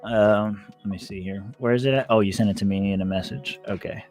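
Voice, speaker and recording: A man's voice: fairly low pitch, fairly even intonation, fairly quick, darkish tone, soft background music. A man co-hosting a casual podcast, laid-back and wisecracking. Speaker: podcast co-host. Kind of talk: casual chat.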